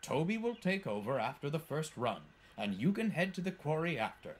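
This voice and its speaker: A man's voice: on the high side, sing-song, normal speed, breathy edge, voice pushed up. Man doing a firm no-nonsense railway boss, storybook style. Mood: stern. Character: stern portly male railway boss.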